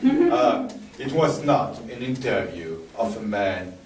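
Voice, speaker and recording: Brief: French-accented man, slow and lowish, halting live storytelling, picked up from a distance in an echoey hall with faint ambience. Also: very animated, a little mellow, a little hiss or hum. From France. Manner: storytelling, halting with many restarts and fillers. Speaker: presenter. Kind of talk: live talk to an audience. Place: library hall.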